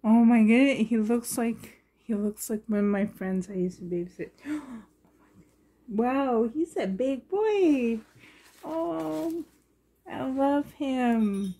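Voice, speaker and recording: Woman, gushing unboxing vlogger, very slow and husky. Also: fairly high pitch, expressive, warm tone. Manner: gushing, breathy and delighted. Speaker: reborn doll collector. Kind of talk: unboxing vlog.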